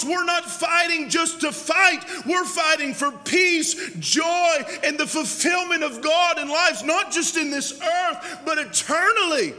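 A young man preaching a fiery, shouting sermon as pastor in a church. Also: extremely high pitch. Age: young adult. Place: church sanctuary. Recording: long church hall reverb.

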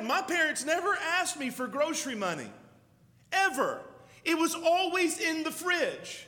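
High-voiced pastor preaching in a reverberant church. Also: male voice, sing-song, moderate pace, pushed and bright. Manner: emphatic preaching with repeated phrases. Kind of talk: sermon.

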